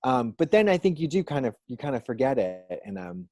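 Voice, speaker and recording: A man's voice: medium pitch, big pitch swings, brisk, mellow, dry recording. Rambling man in a dry, close video call. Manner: rambling, many fillers and restarts, dry jokes. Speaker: drag performer and musician, guest. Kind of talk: casual interview chat.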